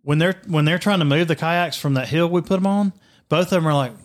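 A man, telling a story in a casual chat with a lively, laughing manner. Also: on the high side, brisk.

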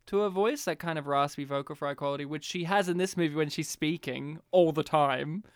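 A high-pitched man with a smooth, resonant voice co-hosts a podcast, talking casually about a film. He is animated and emphatic, leaning into jokes. The sound is dry and close. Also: a little fast, dry recording. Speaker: podcast co-host. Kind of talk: casual chat reviewing a film.

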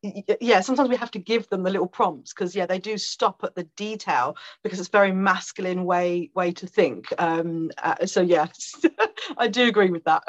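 A woman talks as a podcast guest, telling a personal story in a chatty, animated way. Her voice sits in a middle register. The recording sounds slightly muffled and lo-fi. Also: medium pitch. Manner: chatty, animated, with many fillers and quick laughs. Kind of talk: conversational storytelling.

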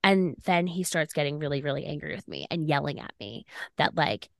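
A woman's voice: low voice, animated, brisk, gravelly, fairly bright tone, no room sound, clean studio sound. A young woman co-hosting a podcast, telling a dating story in a chatty way with many "like" fillers. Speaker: podcast co-host. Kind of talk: casual storytelling chat.

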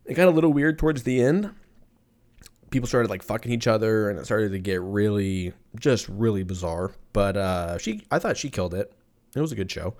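A man's voice: on the low side, fairly quick, a little mellow. A man hosting a podcast alone, telling a rambling, profane, self-mocking story in a casual comedic monologue. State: in pain from a stubbed toe. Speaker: podcast host.

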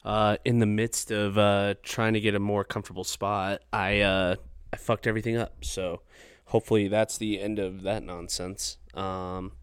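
A man's voice: on the low side, flat delivery, moderate pace, clean tone, dry recording, studio quality. A young man from New Mexico, hosting a podcast from his couch at home and telling funny stories in a rambling, casual way with plenty of swearing and fillers. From Farmington, New Mexico, USA. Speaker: podcast host. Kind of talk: casual storytelling.

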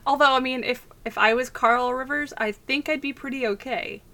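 Blunt, giggly woman co-host, slightly high voice, casual chat. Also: moderate pace, sharp tone. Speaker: podcast co-host.

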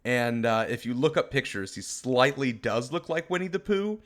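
A man's voice: medium pitch, expressive, moderate pace, a bit bright. Laughing, rambling podcast guy. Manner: laughs often, rambling storyteller. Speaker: podcast co-host. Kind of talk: casual chat.

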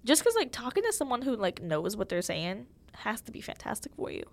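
A woman's voice: a little high, wildly swooping pitch, brisk, gravelly. A young woman hosting a podcast, talking candidly and emotionally in a casual chat full of fillers. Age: young adult. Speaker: podcast host.

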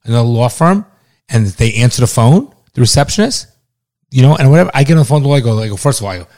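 A man's voice: medium pitch, lively intonation, fast talker, a little mellow. A man chatting bluntly and profanely, cutting in often. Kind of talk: casual chat.

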